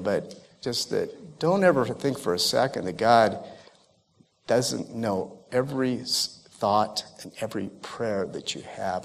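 A man telling a personal faith story in church, halting and emotional with many restarts. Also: lowish voice, gravelly, long reverb tail. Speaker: church member giving testimony. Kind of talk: personal testimony.

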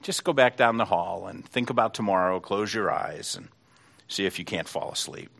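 Man doing a patient dad, gentle, reassuring, low voice. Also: moderate pace, vocal fry. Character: patient, loving single father.

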